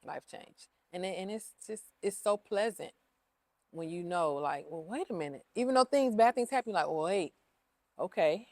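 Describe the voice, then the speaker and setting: Business owner lady in an interview, kinda low voice, heartfelt, says like a lot, dry sound. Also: expressive, moderate pace, dry recording. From Ohio. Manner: emotional, repeats herself, many fillers. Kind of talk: casual interview.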